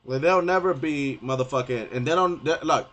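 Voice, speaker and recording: A man's voice: medium pitch, moderate pace, a bit bright. A young man ranting on a gaming stream, profane and rambling, stumbling over restarts and repeating himself.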